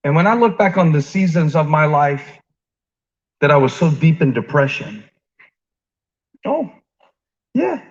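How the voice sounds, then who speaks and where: A man preaching a conversational sermon. He asks the congregation questions, jokes with them, and shifts between quiet stretches and rising emphasis. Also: on the high side, sing-song, a little slow, long pauses. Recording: dull lo-fi sound.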